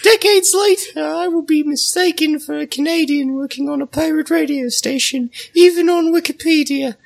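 A man putting on the voice of a cheeky small Cockney boy, shrill and exaggerated, with a mock-pompous boast. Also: moderate pace, gravelly.

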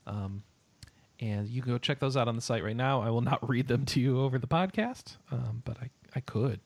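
Man, podcast host, casual chat, playful, rambling, middle pitch. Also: brisk, vocal fry.

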